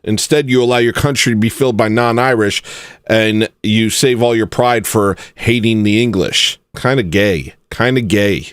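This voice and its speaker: A man hosting his own channel, talking in a casual ranting monologue that is animated and mocking, with sudden outbursts. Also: on the low side, normal speed, smooth, dry recording, clean studio sound. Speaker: channel host.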